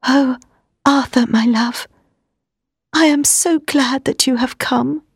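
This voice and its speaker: Brief: a frail young woman who pleads in a soft, slightly raised voice, as the narrator puts her on. Dry, close sound. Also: sits high, takes it slowly, clean tone, no room sound, pitched above the performer's own voice. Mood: pleading.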